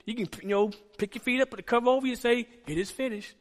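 Pastor guy with a really high voice preaching hard, lots of "you know why?" to the crowd, long hall echo on it. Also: fairly even intonation, rapid-fire. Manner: emphatic preaching, rhetorical questions to the congregation. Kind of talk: sermon.

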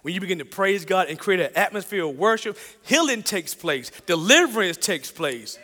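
A man preaching with a high, bright voice, full of energy as he tells a story. He repeats phrases and chuckles as he speaks. The sound carries a long echo, as in a big church hall. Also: sing-song, normal speed. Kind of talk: sermon with personal story.

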